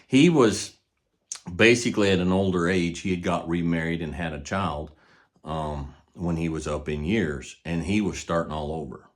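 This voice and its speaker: An older man with a very low, deep voice talks about horses in a relaxed, folksy manner. He tells stories at an easy pace, and his voice often falls to a quiet murmur at the ends of thoughts. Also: normal speed. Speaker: horse trainer. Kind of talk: casual teaching talk.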